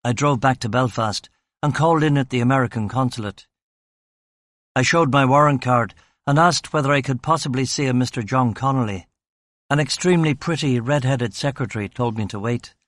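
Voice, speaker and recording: A man's voice: medium pitch, moderate pace, fairly bright tone, no echo. A man narrating a crime novel in the first person, with a dry, wry delivery. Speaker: audiobook narrator.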